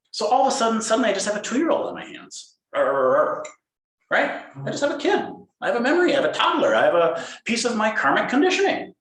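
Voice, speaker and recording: A man giving a dharma talk as a Zen teacher, playful and animated, acting out inner voices. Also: high voice, fast. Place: meditation hall. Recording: roomy hall echo.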